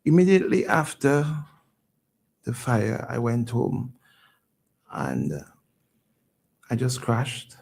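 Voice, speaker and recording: A man, a radio station owner telling his story as a guest, halting and repeating words when moved. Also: mid-range voice, wildly swooping pitch, vocal fry, darkish tone. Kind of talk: emotional personal storytelling.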